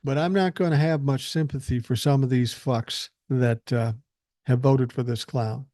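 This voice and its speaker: A man's voice: mid-range voice, fairly even intonation, normal speed, warm tone, no echo. An older man hosting a podcast, delivering a blunt, profane and angry political monologue into a close mic. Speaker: podcast host.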